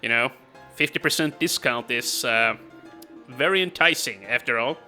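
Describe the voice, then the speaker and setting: A man talks through his game in a loose, rambling way, laughing often and filling the pauses with ums. His voice is very bright, and soft music plays faintly underneath. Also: medium pitch. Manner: chatty, rambling, laughs often, hesitant fillers. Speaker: let's play commentator. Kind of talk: casual game commentary.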